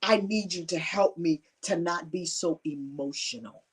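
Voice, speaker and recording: A woman's voice: lowish voice, measured pace, husky, far from the mic. A woman speaking on a conference panel, giving earnest and emotional personal testimony and often laughing.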